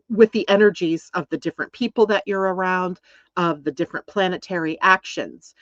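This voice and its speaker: A woman talks through astrology in a relaxed, reflective teaching style and keeps checking in with "right?". Her voice sits at an ordinary middle pitch. The recording sounds dry and a bit dull and lo-fi. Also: no echo. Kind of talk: casual explanatory talk.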